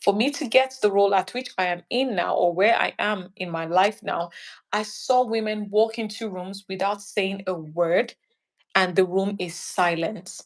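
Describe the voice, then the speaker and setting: Lady guest on a chat show, animated, acts out little scenes as she talks. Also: mid-range voice, moderate pace. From Nigeria. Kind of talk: casual interview chat.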